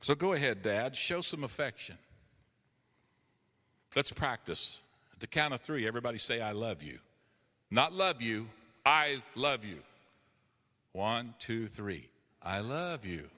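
A man's voice: medium pitch, sing-song, unhurried, pauses often, sharp tone, long reverb tail. A man preaching a sermon to a congregation, emphatic and earnest, calling for responses. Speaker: pastor.

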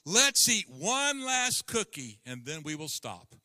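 Excited whiny toad who loves cookies, man reading it, high and bouncy. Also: slow, no echo, clean studio sound, in a large hall, full character voice. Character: eager male toad craving cookies.

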